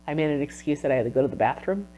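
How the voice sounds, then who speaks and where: Low-voiced woman, teary vlog recap. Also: animated, racing, warm tone. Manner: emotional, tearful and sniffling at times. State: teary, sniffling. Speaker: vlogger and textile researcher.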